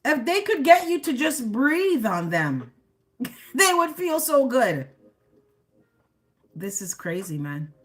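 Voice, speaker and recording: A woman's voice: high voice, big pitch swings, slow, long pauses. A woman doing a live tarot reading, chatty and sassy, speaking straight to her viewers and laughing often at her own remarks. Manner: addresses viewers directly as the collective. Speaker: tarot reader.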